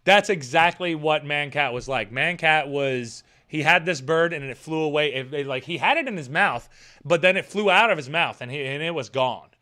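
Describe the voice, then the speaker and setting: A man's voice: on the high side, moderate pace, sharp tone. A young man streaming live, reading out chat comments and ranting with plenty of swearing.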